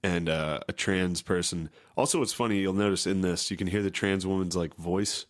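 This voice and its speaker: Low-voiced crude podcast guy. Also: moderate pace. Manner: profane, laughing, mocks others in shrill voices. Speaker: podcast co-host. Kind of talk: crude casual chat.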